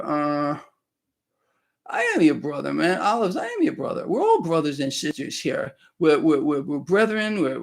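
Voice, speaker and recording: A man with a high, animated voice hosts a casual livestream, talking straight to his viewers. He is emphatic and repetitive, stumbles into restarts, and swings his pitch widely as he presses his points. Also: creaky. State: sweating. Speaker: livestream host. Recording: speaking to a live stream.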